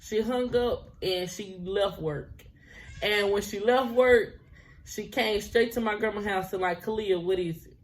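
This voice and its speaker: Speaking a little slowly at a medium pitch, a woman in her twenties shares a personal story with her viewers. She keeps it casual and chatty, often laughing and lapsing into quoted lines.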